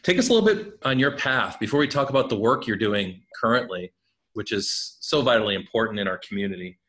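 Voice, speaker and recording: Guy hosting an interview, kinda low voice, earnest and affirming. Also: lively intonation, fairly quick, a bit bright. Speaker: interview host. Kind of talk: conversational interview.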